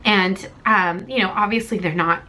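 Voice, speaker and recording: A woman's voice: medium pitch, fairly even intonation, normal speed, sharp tone, slight background noise, low-quality recording. A young woman reviewing a comic in a casual vlog, rambling and emotional, close to tears. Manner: emotional, rambling, tearful at times.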